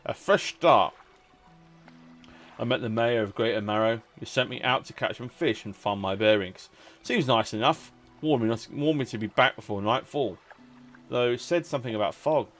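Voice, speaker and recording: A man's voice: mid-range voice, moderate pace, a bit bright, faint music behind. A man with a cold giving casual, rambling commentary while playing a video game. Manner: rambling, chatty, self-restarting. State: has a cold. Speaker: gaming YouTuber. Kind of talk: casual let's-play commentary.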